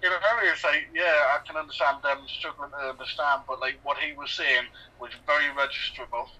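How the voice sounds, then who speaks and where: A man's voice: mid-range voice, fairly even intonation, fairly quick, bright, forceful tone, recorded from a distance, poor audio. A man with a Northeast English accent, co-hosting a casual film commentary podcast and rambling with lots of fillers and firm opinions. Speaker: podcast co-host.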